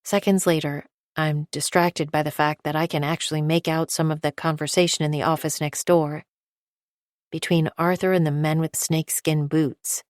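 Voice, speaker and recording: A woman narrating a thriller audiobook in the first person with a steady, measured reading. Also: low-pitched, no echo, clean studio sound.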